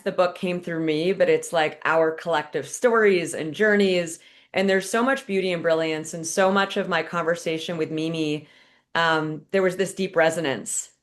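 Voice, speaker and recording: A woman author hosts a virtual fireside chat over a video call. Her voice sits a bit low, and she talks in a chatty, enthusiastic way. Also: a bit bright. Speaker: author and host.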